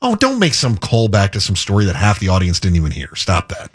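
Male talk radio co-host, husky, lively sarcastic delivery. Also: low voice, a little fast. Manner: sarcastic, joking. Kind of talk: casual political banter.

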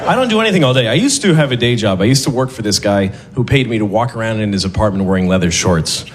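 A man performing stand-up comedy, deadpan and self-mocking, jumping into loud acted voices. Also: on the low side, quick pace, a little hiss or hum. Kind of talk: stand-up routine.

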